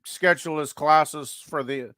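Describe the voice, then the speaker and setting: Bright-toned man rambling in a podcast chat. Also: a little high, measured pace, no room sound, studio quality. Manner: rambling, with "you know" and "like" fillers. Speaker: podcast co-host. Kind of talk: casual chat.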